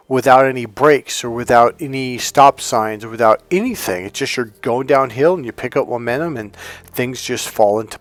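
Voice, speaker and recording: A man's voice: medium pitch, no echo. A man talking off the cuff as a life coach, often restarting and searching for words. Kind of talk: unscripted motivational talk to camera.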